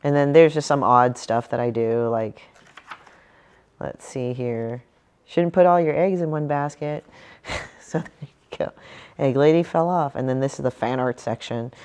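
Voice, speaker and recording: Her voice is very deep, smooth and darkish, and she takes her time. This woman comic artist chats about her book bluntly, swearing freely, and keeps slipping into other voices to act out what people in her stories said.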